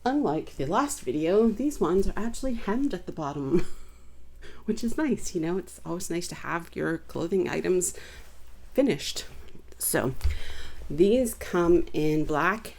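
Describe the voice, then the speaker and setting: A woman with a notably low voice talks casually through a review of things she bought. She rambles in a relaxed, chatty way, with plenty of fillers and restarts. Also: unhurried, vocal fry. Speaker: vlogger reviewing purchases.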